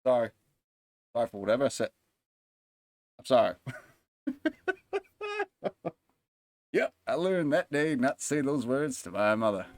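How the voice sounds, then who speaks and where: A man's voice: mid-range voice, wildly swooping pitch, measured pace, long pauses, no echo. A young man livestreaming a game, telling rambling, profane stories and laughing often. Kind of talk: casual chat while gaming.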